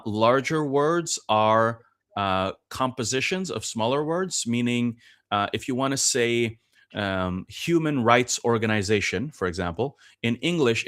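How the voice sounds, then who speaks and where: A man who grew up in Norway, explaining things patiently in a casual podcast conversation, with frequent pauses and fillers. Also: medium pitch, a bit bright. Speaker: podcast guest.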